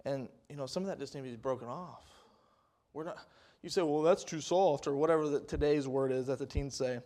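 A young man preaching a folksy sermon, rambling with restarts and rising to loud, emphatic peaks. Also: fairly high pitch, a little fast.

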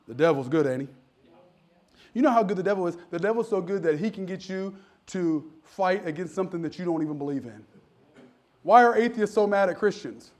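A male pastor preaching a sermon in a conversational, storytelling way, joking with the congregation and rising to sudden loud, emphatic peaks. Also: high-pitched, lively intonation, brisk. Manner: jokes with the congregation.

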